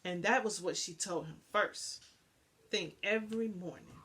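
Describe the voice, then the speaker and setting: Animated woman reading a storybook. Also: medium pitch, normal speed, breathy edge. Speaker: storybook reader. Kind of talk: children's read-aloud.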